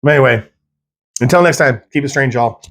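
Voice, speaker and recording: A man's voice: medium pitch, a little fast, background noise. A man hosting a podcast, ranting angrily with lots of profanity in a monologue. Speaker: podcast host.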